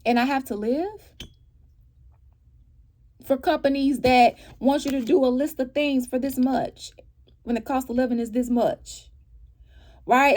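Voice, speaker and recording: A woman with a high-pitched voice gives her viewers a casual tarot reading, speaking a little slowly with long pauses. She poses animated rhetorical questions and keeps checking in with "right?" and "okay?".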